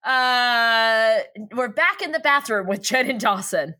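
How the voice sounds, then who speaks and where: Giggly woman rambling through a tv recap, bouncy bright voice. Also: a little high, lively intonation, slow. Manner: giggly, rambling with lots of fillers. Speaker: podcast co-host recapping a TV show. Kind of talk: casual chat.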